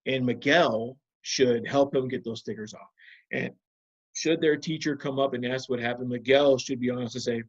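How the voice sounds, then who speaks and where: A man teaching a video lesson to children, patiently walking them through calming techniques with guiding questions. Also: mid-range voice, normal speed, lo-fi sound.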